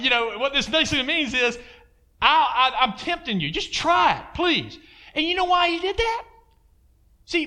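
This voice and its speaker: High-pitched guy preaching a sermon, bright punchy tone, keeps checking in w the crowd. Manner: emphatic, call-and-response asides to the congregation.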